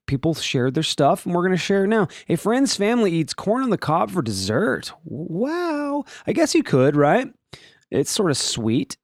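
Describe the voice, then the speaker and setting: A man rambles jokingly through his solo podcast, his pitch swooping up and down with lively energy. The voice sits a little high for a man and comes through a dry, close mic. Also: dry recording. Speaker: podcast host. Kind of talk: casual solo podcast chat.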